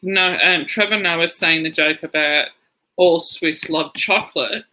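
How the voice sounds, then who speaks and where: A man's voice: a little high, unhurried, sharp tone, rough recording. A man co-hosting a podcast, rambling through anecdotes in casual chat and laughing as he goes. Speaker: podcast co-host.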